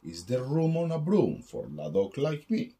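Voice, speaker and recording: A man's voice: medium pitch, big pitch swings, unhurried, dark tone, pitched above the performer's own voice. A man reading aloud, voicing an eager, polite male dog from a picture book.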